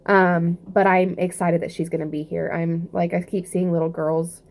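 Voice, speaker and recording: A woman's voice: on the low side, fairly even intonation, normal speed, creaky, hardly any pauses, darkish tone. A young woman with a Southern US accent, chatting casually in a rambling vlog update, full of fillers and restarts. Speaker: vlogger.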